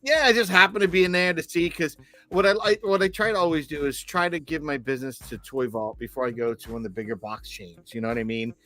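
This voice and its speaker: A man's voice: a little high, quick pace, sharp tone. A middle-aged man co-hosting a podcast, rambling through casual stories with many restarts. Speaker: podcast co-host.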